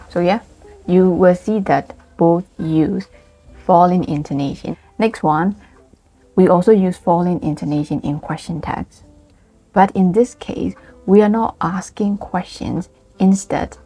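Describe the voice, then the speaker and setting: A woman whose first language is Burmese teaching English intonation in an online lesson, explaining slowly and carefully and acting out example sentences. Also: fairly low pitch, mellow, breathy edge.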